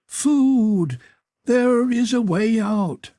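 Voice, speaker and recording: A man voicing a gaunt, starving madman who screams out his pleas in a shrill, frantic voice. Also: lively intonation, very slow, dark tone, dry recording, studio quality, exaggerated voice. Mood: shrieking, frantic.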